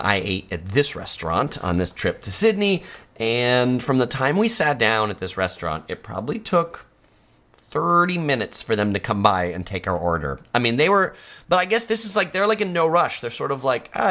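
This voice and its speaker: A man's voice: mid-range voice, very animated, moderate pace, pushed and bright. A man from San Diego hosting a live stream, chatting easily and laughing often as he reads viewer comments. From United States (San Diego).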